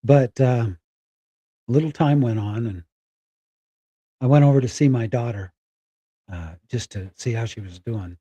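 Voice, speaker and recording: A middle-aged man telling a personal story candidly, halting and close to tears. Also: mid-range voice, mellow, slightly rough, dry recording. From Spokane, Washington. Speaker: guest.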